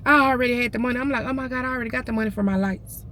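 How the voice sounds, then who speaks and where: A woman's voice: on the high side, rapid-fire, sharp tone, a little hiss or hum. A woman, close to tears, telling her viewers a story in a casual, emotional vlog. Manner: tearful, addresses viewers as y'all. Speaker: vlogger.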